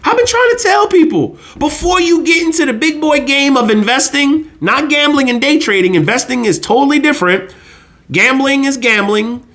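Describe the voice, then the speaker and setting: High, lively-voiced man ranting on finance. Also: normal speed. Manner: blunt, slangy, preachy. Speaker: finance channel host. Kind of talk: casual monologue.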